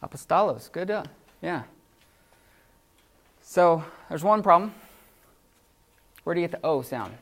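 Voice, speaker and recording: A man teaching a Greek class in a classroom, in an informal, halting manner with many fillers. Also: a little high, animated. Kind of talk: classroom lecture.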